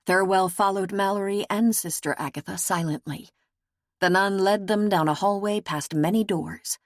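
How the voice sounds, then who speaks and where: A woman narrating an audiobook in a measured, steady storytelling manner. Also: medium pitch, no room sound, studio quality.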